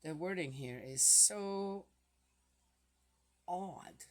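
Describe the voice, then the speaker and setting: A woman reading scripture aloud and commenting on it, reading quietly and then reacting with indignant exclamations. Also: mid-range voice, animated, unhurried. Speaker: bible commentator.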